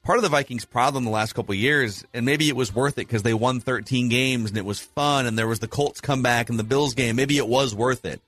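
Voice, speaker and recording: A man's voice: medium pitch, fairly quick, hardly any pauses, fairly bright tone. A man hosting a casual sports talk show, laying out poll results and asking his co-host for views. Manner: analytical, runs polls and asks questions. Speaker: podcast host.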